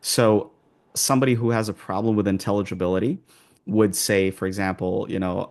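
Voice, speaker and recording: A man working as an accent coach, answering interview questions in a calm, measured way, with pauses and frequent restarts. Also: low voice, vocal fry.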